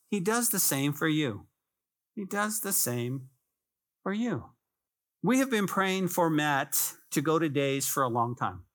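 A man's voice: fairly high pitch, fairly bright tone. A man preaching a conversational sermon as pastor, repeating phrases for emphasis and speaking to the congregation as "guys".

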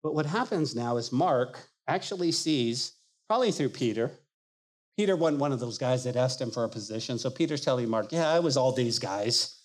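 A man preaching a sermon as pastor, animated and emphatic, acting out the people he quotes. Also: mid-range voice, moderate pace.

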